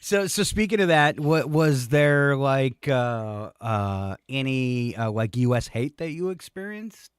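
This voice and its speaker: A man hosting a radio morning show, asking a guest relaxed questions with short prompts. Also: medium pitch, slow pace, few pauses, clean tone, dry recording. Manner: relaxed, brief prompts and easy laughs. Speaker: radio host. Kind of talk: casual radio interview. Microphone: studio microphone.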